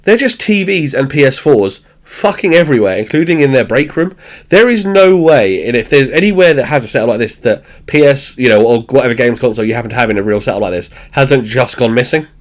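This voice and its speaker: A man retells a sitcom episode in casual podcast chat. His voice sits at a middling pitch, and he swears freely, laughs often and acts out the characters as he goes. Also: animated, fast talker, hardly any pauses. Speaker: podcast host. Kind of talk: casual chat recapping a show.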